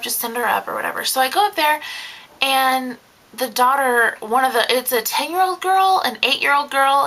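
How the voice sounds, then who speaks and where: A young woman chattily telling a babysitting story in a casual vlog, full of fillers and quoting people in a higher voice. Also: bright, forceful tone, low-quality recording. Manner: chatty, lots of fillers, acts out quotes in a higher voice. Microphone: camera mic.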